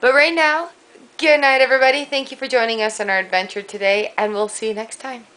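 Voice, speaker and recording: A woman's voice: a little high, fairly even intonation, fast talker, pushed and bright, rough recording. A woman chatting casually in a home vlog, bubbly and giggly. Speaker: vlogger.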